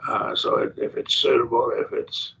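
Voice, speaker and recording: Male Bible teacher, gravelly, thinks aloud over Greek words; dull lo-fi class tape. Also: mid-range voice, level tone, a bit bright. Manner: explains Greek word by word, slow and thinking aloud. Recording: dull lo-fi classroom recording with faint noise.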